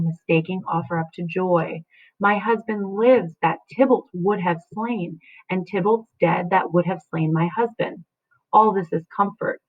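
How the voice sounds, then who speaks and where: A woman reading aloud as an anguished teenage girl torn between love and grief, delivering verse dramatically and slowing on key words. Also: on the low side. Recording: tinny phone-like sound.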